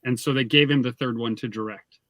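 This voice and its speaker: A man reviewing a film in a casual chat, dropping wry, deadpan jokes. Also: mid-range voice, a little fast, dry recording.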